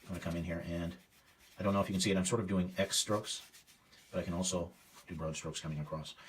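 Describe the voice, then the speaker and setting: Deep-voiced man painting and talking. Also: slightly rough, far from the mic. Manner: self-critical, thinking aloud while painting; casual, hesitant with fillers. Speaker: art teacher. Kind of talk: live painting demonstration.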